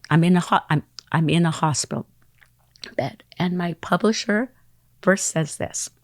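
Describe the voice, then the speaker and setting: A middle-aged woman, appearing as an interview guest, tells a long, animated story, acting out quoted voices and phone calls and sometimes dropping to a whisper. Her voice is on the low side, recorded at studio quality with no echo.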